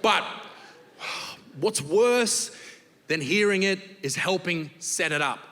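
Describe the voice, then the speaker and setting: A man's voice: high-pitched, expressive, slow. Brash Australian man doing stand-up. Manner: crude, profane storytelling with shouted punchlines. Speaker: stand-up comedian. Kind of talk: stand-up comedy. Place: large theatre stage with audience laughter. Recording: live show with long hall reverb and background noise.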